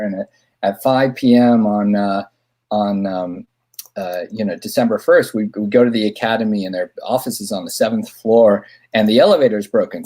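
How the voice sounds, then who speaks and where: A middle-aged man, a film director, telling a long anecdote in a casual podcast chat, acting out the people he quotes. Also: fairly low pitch. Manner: animated anecdote teller, acts out quoted voices.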